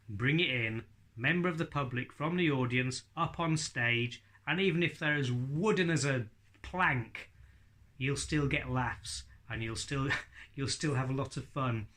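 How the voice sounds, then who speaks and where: A man's voice: mid-range voice, fairly bright tone. A man teaching ventriloquism in a chatty tutorial, speaking directly to his viewers. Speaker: ventriloquism instructor. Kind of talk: friendly tutorial talk.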